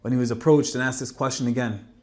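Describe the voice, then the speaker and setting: A man telling an emotional story in a Torah talk, moving between loud emphasis and hushed tones. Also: mid-range voice, steady tone, fast. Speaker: speaker giving a Torah talk.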